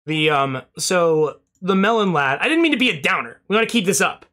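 A man's voice: high voice, very animated, a little fast, sharp tone. A young man streaming, rambling casually through thank-yous to his chat and swearing now and then, a little out of breath.

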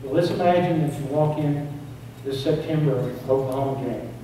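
A man's voice: medium pitch, normal speed, warm tone. Man preaching in an echoey church. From East Tennessee. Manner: preaching with rising emphasis and repeated phrases. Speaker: pastor. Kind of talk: sermon. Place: church sanctuary. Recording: very echoey church, distant mic, faint noise.

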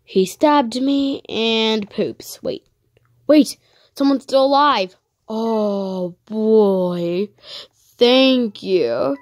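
A woman narrating her online game as she plays, excitable and easily frightened, giving running commentary. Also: fairly high pitch, drawn-out words, dry recording. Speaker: gaming channel host. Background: dogs barking sometimes.

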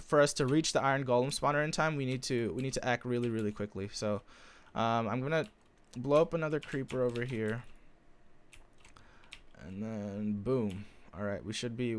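A young man giving live gameplay commentary, excitable, his voice leaping up when something happens. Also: fairly quick, smooth. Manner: excitable, voice jumps high when he spots loot. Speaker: gaming YouTuber.

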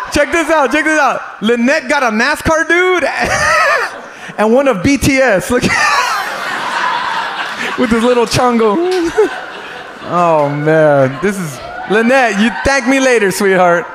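A male stand-up comedian doing crude crowd work in a club, loud and teasing and often breaking into laughter. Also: extremely high pitch, sing-song, takes it slowly, pauses often. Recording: noisy live club.

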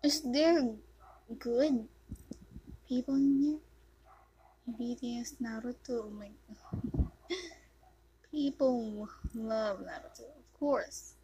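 A woman chats her way through a video game with a high, somewhat husky voice. She talks at an unhurried pace between sudden excited yelps and hushed mutters. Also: rough recording. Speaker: gamer commentating her play. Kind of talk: casual gameplay commentary.

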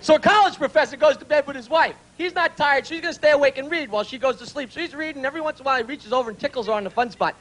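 A man rattles off dirty jokes one after another on a club stage and chuckles at his own punchlines. His voice is very high and sharply bright, with faint hiss underneath. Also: racing, hardly any pauses. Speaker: stand-up comedian. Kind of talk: rapid-fire dirty jokes.

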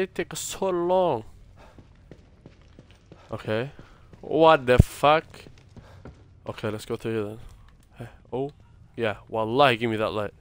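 A man's voice: medium pitch, a bit bright, clear, resonant tone. A young man playing a horror game, swearing, muttering prayers and reacting nervously as he goes. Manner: jumpy, swearing, muttering prayers under his breath. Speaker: gaming streamer.

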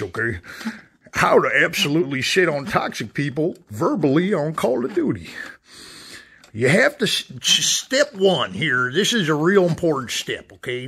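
A man's voice: mid-range voice, pushed and bright, husky, exaggerated voice. A man voicing a foul-mouthed, cocky male ventriloquist dummy in a comedy puppet sketch, brash and boastful.

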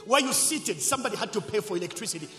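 A man preaching a sermon as pastor, leading call-and-response and swinging between loud shouts and quiet asides. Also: high-pitched, animated, racing, music in the background. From Zambia. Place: church hall. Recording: echoey church hall.

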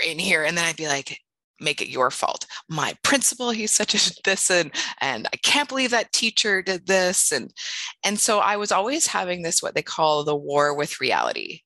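Middle-aged woman educator from Canada, frank and lively, voice sits a bit low, bright forceful tone, dry close mic. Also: gravelly, no echo. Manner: candid, animated, self-deprecating. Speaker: teacher and conference presenter. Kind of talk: casual conference talk.

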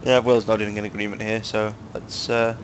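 A man's voice: fairly low pitch, flat delivery, normal speed, slight background noise. A young man with a Manchester accent giving casual, joking gameplay commentary with friends, full of fillers. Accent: Manchester English. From England, Manchester. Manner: chatty, crude joking, lots of fillers. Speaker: gaming video host.

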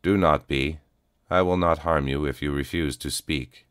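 A man reading the part of a battered old male cyborg, speaking in a flat, calm, measured way. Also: rumbling low, clear, resonant tone, dry recording, clean studio sound. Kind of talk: audiobook reading.

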